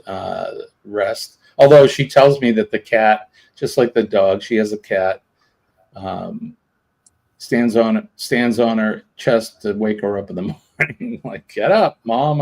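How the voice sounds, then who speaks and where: A man's voice: lowish voice, creaky, darkish tone. A man hosting a casual livestream, rambling with lots of ums and uhs. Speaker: livestream host. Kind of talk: casual live chat.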